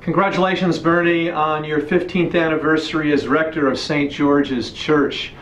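A man delivering a formal, measured tribute. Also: a little high, steady tone, a bit bright. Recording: echoey room.

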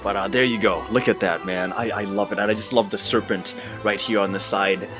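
A man hosting an excited unboxing vlog, gushing and exclaiming, repeating his thanks again and again. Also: lowish voice, a little fast, over music. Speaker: unboxing host.

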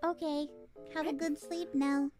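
A woman streamer talking in a shy, excitable way. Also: high-pitched, unhurried, soft background music.

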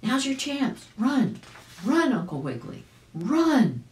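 An excitable young poodle dog from a children's storybook, calling out in a high, eager voice, as a woman reads him. The voice bounces around an echoey room. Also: slow pace, full character voice. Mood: urgent.

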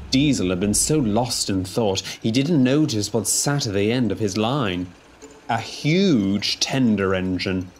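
A man doing scripted storybook narration in a measured, storytelling manner. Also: on the low side, expressive, background noise. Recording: narration over music.

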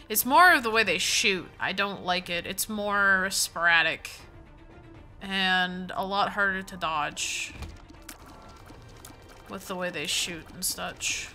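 A woman's voice: mid-range voice, slow, pushed and bright, soft background music. Sleepy woman rambling over gameplay. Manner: rambling, thinks aloud, reads item names. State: sleepy, yawning. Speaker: gaming let's play host. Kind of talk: casual gameplay commentary.

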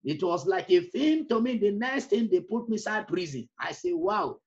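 A man's voice: high voice, lively intonation, normal speed, a little mellow, muffled recording. A man preaching an emotional personal testimony, repeating phrases and breaking into song. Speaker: evangelist.

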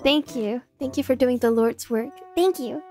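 A woman streamer in casual live-stream chat, giggly, playful and sarcastic. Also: sits high.

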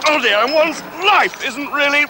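A man's voice: very high-pitched, heavily acted. An actor playing an upper-class warlord fussing over his diary, dithering and self-absorbed, in a 1970s TV sketch. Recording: noisy old off-air TV recording.

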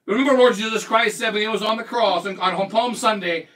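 A man's voice: high voice, fairly quick, few pauses, a bit bright, distant mic, poor audio. A man preaching a sermon as a bishop, emphatic and repetitive, quoting scripture along the way. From United States.

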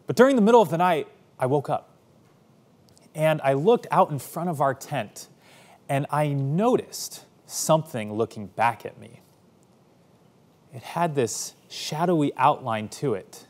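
A man in his thirties, a pastor telling stories from his childhood in a sermon, animated and acting out the voices in them. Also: on the high side, unhurried, pauses often. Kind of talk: sermon storytelling.

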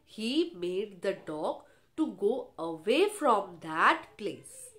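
A woman's voice: mid-range voice, sing-song, very slow, a bit bright. A woman teacher reading a children's story aloud, retelling each line and explaining words in simple terms.

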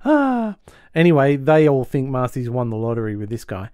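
A man's voice: mid-range voice, fast talker, a little mellow, smooth, no echo, studio quality. A male podcast host recapping a sitcom episode in a chatty way, laughing easily and acting out the lines.

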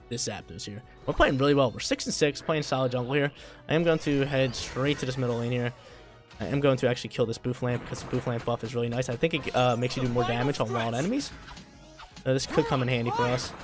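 A young man narrates his own gameplay as it happens, talking casually in gamer slang. His voice sits mid-range, and he keeps breaking into loud, hyped shouts. Faint music plays underneath. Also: mid-range voice. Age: young adult. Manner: excitable, slangy, bursts into loud hype. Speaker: gaming video creator. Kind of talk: live gameplay commentary.

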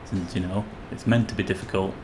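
A man's voice: low-pitched, steady tone, fairly quick, noisy background. A young man commentating his own game live, sarcastic and swearing, yelping when startled. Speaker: gamer playing live.

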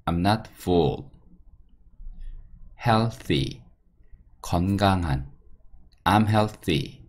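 A man teaching English vocabulary, reading each word with its meaning and short example sentences in a steady drill. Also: deep voice. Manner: reads word, Korean gloss, then example sentences.

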